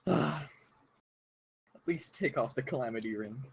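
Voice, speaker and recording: Man, player, teasing, casual game chat, unhurried. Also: mid-range voice, expressive, gravelly, a little hiss or hum.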